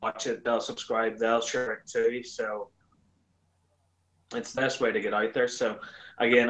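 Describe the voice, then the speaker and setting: Animated man telling stories. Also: dull audio. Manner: animated storyteller, acts out quoted lines in a higher voice. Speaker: YouTuber guest. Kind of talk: casual chat.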